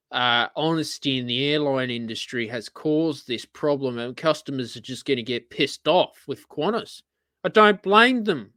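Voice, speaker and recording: A man's voice: medium pitch, a bit bright, no echo. An Australian man hosting a live-streamed radio-style show, ranting in an exasperated, profane way. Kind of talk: live-streamed solo rant.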